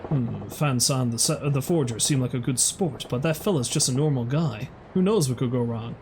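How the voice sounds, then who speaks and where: A man's voice: medium pitch, normal speed, noisy background. A man streaming a game who tells a rambling story in a laid-back way and swears casually. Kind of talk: casual storytelling while gaming.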